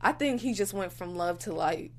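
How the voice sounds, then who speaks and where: A woman co-hosting a casual reality TV recap show, talking in an animated, emphatic way with lots of "like". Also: mid-range voice, normal speed, a little hiss or hum. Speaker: co-host.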